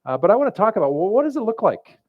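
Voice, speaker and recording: A male pastor preaching in a relaxed, conversational way, with jokes and stories woven in. His voice is somewhat higher than most men's. The recording is slightly muffled. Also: very fast. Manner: conversational, joking storyteller. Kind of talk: sermon.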